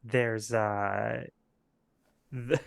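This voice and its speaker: Male game master, gravelly, slow and halting, dry sound. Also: on the low side, fairly even intonation, no echo. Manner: rambling, hesitant with many fillers. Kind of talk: narrating a tabletop game.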